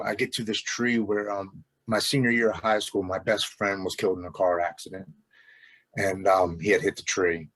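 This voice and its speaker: A man's voice: fairly low pitch, no echo. A man in his forties telling his own recovery story as a guest, earnest and emotional. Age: 40s.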